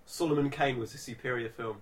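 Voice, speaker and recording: A man co-hosting a film podcast in casual review chat, putting quick teasing questions. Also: medium pitch, fairly even intonation.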